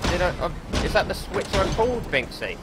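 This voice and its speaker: A man's voice: high voice, fairly quick, loud music behind the voice. A man commentating a horror game let's play, panicky, swearing and joking as he plays. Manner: panicky, swearing, jokey and excitable. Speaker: gaming YouTuber.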